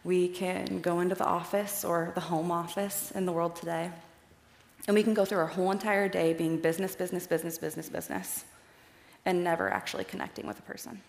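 A woman's voice: on the low side, fairly even intonation, fairly quick, gravelly. A young woman from Iowa giving a personal, chatty faith talk in a storytelling way, speaking with slides in a large hall. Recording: echoey hall with long reverb.

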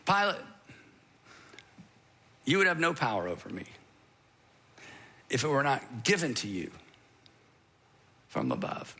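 A preacher voicing a calm, hushed figure of quiet authority. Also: male voice, mid-range voice, unhurried, creaky, pauses often, slightly rough, pitched below the performer's own voice, exaggerated voice. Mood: solemn. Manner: hushed, trailing off to a whisper. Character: calm, solemn man speaking with quiet authority.

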